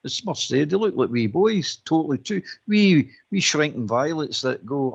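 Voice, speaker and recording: Gravelly Scottish man ranting on air. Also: a little high, normal speed. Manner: animated, ranting, acts out quotes. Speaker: caller. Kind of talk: phone-in football chat.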